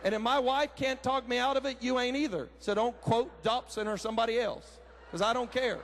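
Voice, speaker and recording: A man, preaching a sermon with folksy personal stories, animated and breaking into shouts. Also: extremely high pitch, brisk, slight background noise. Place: large conference hall.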